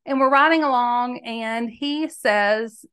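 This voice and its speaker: A woman's voice: fairly high pitch, slow pace, smooth. A middle-aged woman from Mississippi with a Southern accent, a podcast host and life coach telling a personal story, acting out both sides of the conversations. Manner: animated, acts out both sides of dialogue. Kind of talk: storytelling monologue.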